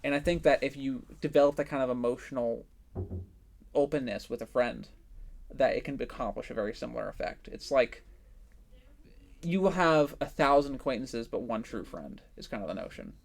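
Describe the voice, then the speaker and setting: A man's voice: mid-range voice, normal speed, gravelly. A young man co-hosting a podcast, talking in a casual, rambling and reflective way, full of fillers and restarts. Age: young adult. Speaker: podcast co-host. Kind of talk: casual chat.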